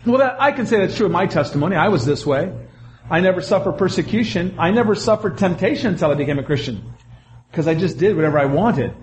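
A man preaching a sermon, animated, with quick asides and acted-out quotes. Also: high voice, a little hiss or hum. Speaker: pastor.

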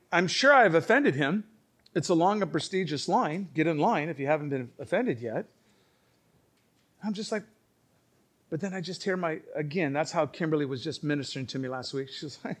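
A male pastor preaches an emphatic sermon in a voice a bit higher than most men's. He drops to quiet asides and then rises to loud, forceful lines. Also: normal speed, long pauses.

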